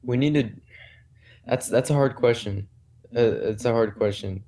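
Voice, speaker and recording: A man's voice: mid-range voice, a little slow, warm tone. A man chatting casually with a stranger on a video call, hesitant and agreeable. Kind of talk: casual conversation.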